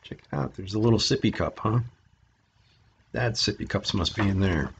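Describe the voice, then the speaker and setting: Animated man reading a picture book aloud. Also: on the low side, moderate pace, slight background noise. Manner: animated, chatty asides to listeners. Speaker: storyteller for an art studio. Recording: dull lo-fi recording.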